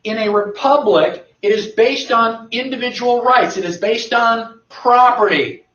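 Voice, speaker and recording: A man's voice: very high-pitched, a little slow, sharp tone. Man lecturing in an echoey room. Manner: emphatic, rhetorical questions answered himself. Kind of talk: lecture to a live audience. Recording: echoey, distant, dull lo-fi.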